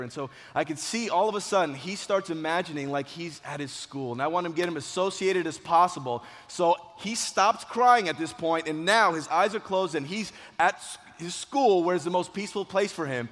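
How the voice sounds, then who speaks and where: A man's voice: fairly high pitch, moderate pace, few pauses. Man telling a dramatic story in a hall. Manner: dramatic, shifting between hushed and loud. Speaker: speaker telling a personal story. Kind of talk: motivational storytelling speech. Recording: long hall reverb.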